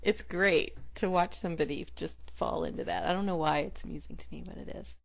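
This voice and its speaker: A woman's voice: fairly low pitch, a little fast, vocal fry. A woman co-hosting a podcast in casual chat, playful and laughing often. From New Mexico. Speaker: podcast co-host.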